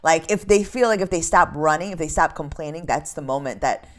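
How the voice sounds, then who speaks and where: A woman co-hosting a comedy podcast, wry and deadpan, thinking aloud with restarts. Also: low-pitched, brisk. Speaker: podcast co-host. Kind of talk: casual comedic chat.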